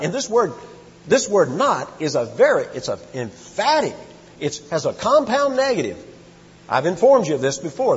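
A slightly high, husky male voice teaches a Bible study, quizzing listeners and reading scripture aloud. His style is conversational yet emphatic, and the recording sounds muffled and echoey, as if made in a hall.

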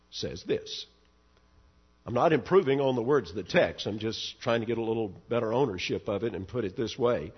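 Male pastor, expository sermon, husky voice, very animated pitch, dull lo-fi recording. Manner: earnest, emphatic, rising to stress key words.

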